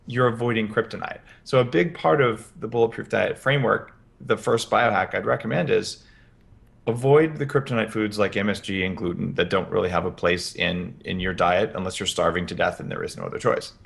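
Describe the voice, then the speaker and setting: Gravelly low-voiced man explaining. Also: brisk, fairly bright tone. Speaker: podcast guest, health expert. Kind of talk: interview, explaining practical advice. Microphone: headphones with podcast mic.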